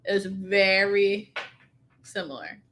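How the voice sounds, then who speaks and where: Female stream co-host, unhurried, laid-back, short replies. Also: medium pitch, fairly even intonation, a bit bright. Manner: laid-back, brief replies, laughs often. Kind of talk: casual live-stream chat.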